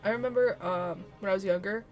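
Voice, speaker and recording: A woman's voice: medium pitch, fairly quick, a little mellow, soft background music. Chatty woman streamer. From United States. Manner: chatty, rambling, laughs often. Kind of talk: casual chat while playing a game.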